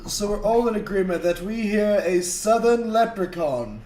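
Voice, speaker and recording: A man playing in a tabletop game, animated and hesitant. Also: sits high, moderate pace, echoey room, slight background noise. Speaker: player. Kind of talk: casual tabletop play.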